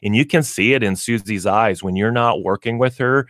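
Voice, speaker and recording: A man's voice: fairly low pitch, normal speed, a bit bright, dry recording, clean studio sound. A man hosting a radio show about pets, talking casually and acting out what dogs and owners might say. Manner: folksy, explains with acted dog and owner voices. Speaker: pet store radio show host. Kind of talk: casual radio talk on pet training.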